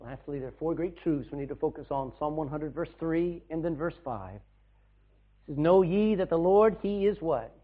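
A man preaching a sermon, telling stories with loud bursts and hushed asides. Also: a little high, normal speed. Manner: animated storytelling, shouting bursts and hushed asides. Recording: tinny phone-like sound.

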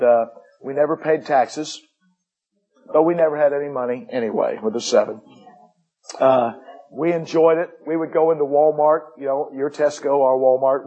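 A middle-aged man preaching a sermon with personal stories, folksy, moving between upbeat jokes and hushed intensity. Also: on the high side, breathy edge, rough recording. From United States. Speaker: missionary pastor.

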